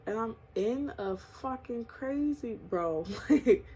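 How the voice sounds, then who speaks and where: A woman's voice: a little high, lively intonation, takes it slowly, warm tone, a little hiss or hum. A woman from New York telling a candid, slangy storytime vlog, swearing often and laughing between lines. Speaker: vlogger.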